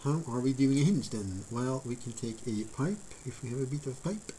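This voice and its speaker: A man on a live stream talks his viewers through building a model, his voice sitting at an ordinary middle pitch. He rambles and thinks aloud, filling gaps with ums and uhs. A faint noise runs under his voice. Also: lively intonation, normal speed, dark tone, low-quality recording. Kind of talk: casual live-stream chat while crafting.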